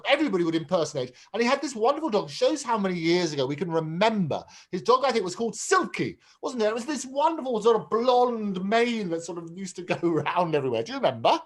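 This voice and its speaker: A middle-aged man hosting a chat show, enthusiastic and prone to repeating words while he gathers his thoughts. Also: high-pitched. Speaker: host. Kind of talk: casual chat.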